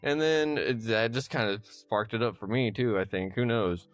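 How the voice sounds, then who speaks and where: A man hosting a casual interview podcast, relaxed and affirming, chuckling often. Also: lowish voice, normal speed, no echo, soft background music. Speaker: podcast host.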